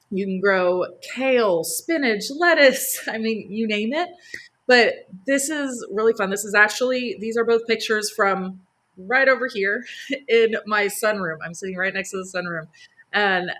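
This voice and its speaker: A woman's voice: medium pitch, fairly bright tone. A woman hosting a live gardening stream from her home, chatting enthusiastically with lots of fillers and laughs. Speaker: gardening host. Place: home near a sunroom.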